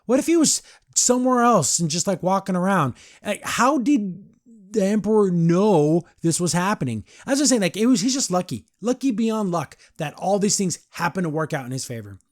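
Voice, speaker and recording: A man's voice: high-pitched, big pitch swings, moderate pace, dry recording, studio quality. Rambling man recapping a cartoon episode. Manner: rambling, heavy use of "like", acts out quotes. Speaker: podcast reviewer.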